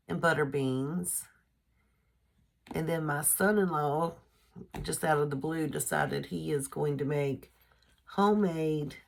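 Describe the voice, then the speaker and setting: A woman's voice: low-pitched, gravelly. An older woman, chatting casually in a homespun vlog. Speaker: vlogger. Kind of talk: casual chat.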